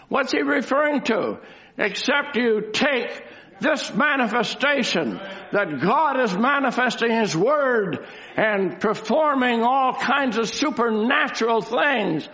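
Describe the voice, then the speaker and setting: A man's voice: high voice, vocal fry, fairly bright tone. A man preaching a sermon, asking rhetorical questions and repeating key lines for emphasis. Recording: dull lo-fi recording.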